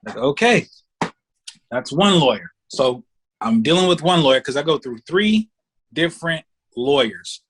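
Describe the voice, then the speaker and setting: A man guesting on a podcast tells a story in loose, profane, casual talk. He acts out the other people in the story with quick voices. His voice sits a little on the high side for a man. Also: animated, fairly bright tone, slightly rough.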